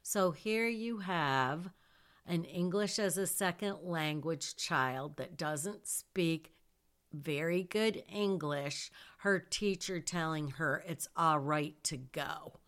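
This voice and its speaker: A woman's voice: sits low, takes it slowly, fairly bright tone. A woman telling a personal story about her daughter in casual speech, emphatic, with vivid asides.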